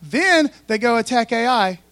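A man's voice: extremely high pitch, expressive, unhurried, a bit bright, dry recording. A man preaching a sermon in a folksy, conversational way, full of asides to the congregation. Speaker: pastor.

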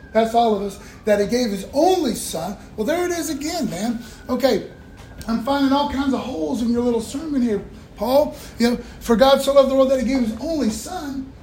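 Male pastor, high voice, folksy call-and-response sermon, echoey church with faint hiss. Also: darkish tone. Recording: echoey room, faint room noise.

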